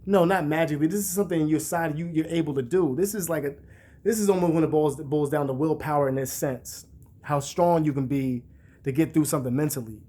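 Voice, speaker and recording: A young man vlogging, talking in a casual, profane, rambling way and telling stories with animated bursts. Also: fairly high pitch. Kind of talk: casual monologue to camera.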